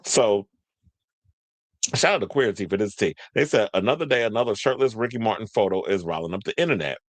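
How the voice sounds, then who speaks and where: Lively, gossipy man hosting pop-culture chat. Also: lowish voice, no room sound. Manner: playful, gossipy, laughs often, mock-swooning asides. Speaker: host.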